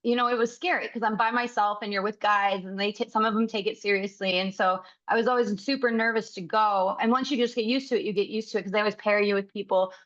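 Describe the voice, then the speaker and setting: A woman's voice: medium pitch, fairly even intonation, quick pace, few pauses, a bit bright. A woman in her thirties, a podcast guest in casual chat, candid and giggly. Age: 30s. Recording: slightly dull mic sound.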